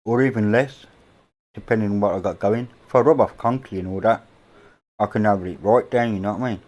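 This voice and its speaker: A middle-aged man with an English accent talks through a casual livestream from indoors at home. His voice sits a little low, and he rambles along in an offhand way, dropping the odd casual swear word. He speaks close to a boom-mounted microphone. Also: brisk, darkish tone. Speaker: livestream host.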